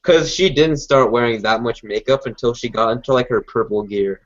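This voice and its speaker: A man hosting a podcast, reviewing a show in relaxed, casual chat full of fillers. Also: mid-range voice, normal speed. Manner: relaxed, chatty, many fillers. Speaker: podcast host. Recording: dull lo-fi recording.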